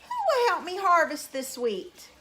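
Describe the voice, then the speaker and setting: A woman's voice: extremely high pitch, big pitch swings, unhurried, bright, forceful tone, voice pushed up, heavily acted. A woman voicing a hard-working little red hen in a read-aloud folk tale, asking earnestly.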